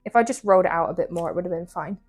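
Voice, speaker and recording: A woman's voice: on the low side, racing, a little mellow. A young English woman chatting casually to viewers while she bakes in her home kitchen, joking at her own expense. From England. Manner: chatty, self-mocking, talks to viewers. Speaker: baking vlogger. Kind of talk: casual chat while baking.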